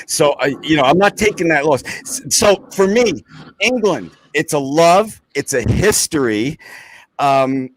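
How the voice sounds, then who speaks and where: An American man co-hosting a casual podcast. He talks with passion and excitement, and he swears freely. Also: fairly high pitch, no echo, low-quality recording. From United States. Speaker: podcast co-host.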